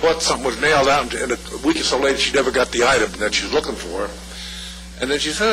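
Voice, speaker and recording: A man in the audience telling a quick story from the floor at a community meeting. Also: mid-range voice, background noise. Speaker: audience member.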